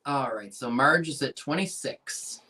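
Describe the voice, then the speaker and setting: A man from Maryland co-hosts a live online sale. His voice is bright and forceful, and he reads out bids in a plain, matter-of-fact way while keeping things on track. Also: mid-range voice, a little slow, husky. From Maryland, USA.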